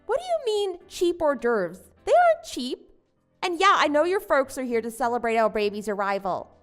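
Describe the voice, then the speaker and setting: A woman's voice: high voice, big pitch swings, fairly quick, soft background music. A woman voicing a wronged young wife and new mother who protests and pleads with her husband. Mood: indignant. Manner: indignant, pleading. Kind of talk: story drama voice acting.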